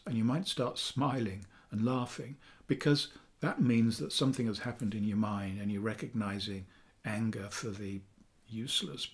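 A man, a therapist calmly teaching a self-help technique in a chatty video, with fillers, dropping softly for affirmations. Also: mid-range voice. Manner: calm, chatty explaining with fillers, softening to near-whispers for affirmations. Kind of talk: talking-head teaching video.

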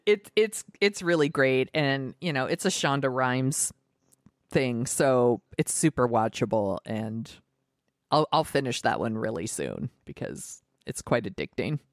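A woman's voice: a bass voice, animated, a little slow, dry recording, clean studio sound. A woman co-hosting a podcast, chatting casually with giggles and many "like" fillers. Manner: rambling, giggly, filler-heavy recommendations. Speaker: podcast co-host. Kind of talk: casual chat.

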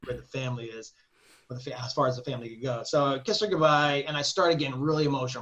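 A man, a guest on an interview podcast, telling a personal story in a casual, animated way, swearing freely and laughing between phrases. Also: mid-range voice, fast talker, highs cut off. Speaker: guest composer.

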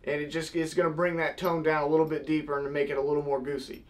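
A man's voice: a little high, flat delivery, fast, noisy background. A young man casually teaching, step by step, how to blow a goose call. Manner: step-by-step, demonstrating with vocal honk sounds.

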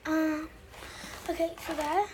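A young girl vlogging casually at home, gushing and excitable, often dropping into whispers. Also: high voice, slow pace, slight background noise. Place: home, indoors.

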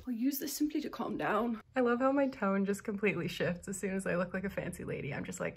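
A woman chats at home while getting ready on camera, teasing herself. She talks at an ordinary middle pitch and laughs often. A faint hiss sits under her voice. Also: quick pace. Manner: playful and self-mocking; chatty with bursts of laughter. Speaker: vlogger. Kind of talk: casual get-ready-with-me chat.

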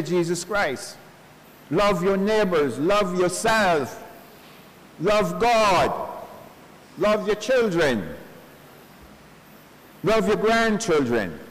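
A male pastor giving a funeral sermon in earnest, slow preaching sprinkled with homespun stories, recorded at a church service. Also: high-pitched. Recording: long church reverb.

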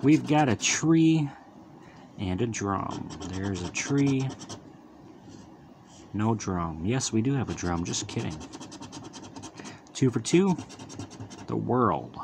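A man's voice: fairly low pitch, expressive, slow, gravelly, pauses often, noisy background. A man hosting his own lottery channel, calling out each symbol with casual running commentary and upbeat wisecracks as he scratches tickets.

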